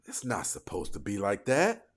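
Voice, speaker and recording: A man hosting a casual livestream, reacting to his chat in a lively voice that jumps up and down in pitch. He talks back to commenters and keeps the commentary loose and conversational. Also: moderate pace. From United States.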